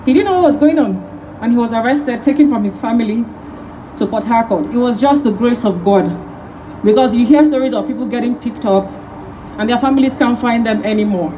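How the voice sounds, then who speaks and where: A woman's voice: a little high, brisk, warm tone, a little hiss or hum, low-quality recording. A woman in her thirties from Nigeria giving an emotional, rousing speech at an outdoor rally, repeating key phrases. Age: 30s. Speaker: rally speaker.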